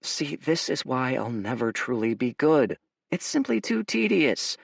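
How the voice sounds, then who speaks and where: A man's voice: mid-range voice, sing-song, a little slow, creaky, husky, no echo, voice pushed up, exaggerated voice. A man voicing a smug, impatient male hero with dragon blood, talking in a dry, mocking way. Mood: weary.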